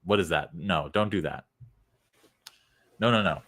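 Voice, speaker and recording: A man's voice: low-pitched, measured pace, fairly bright tone. A man giving a casual, blunt critique of web copy, sarcastic and sometimes profane. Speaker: copywriting critic.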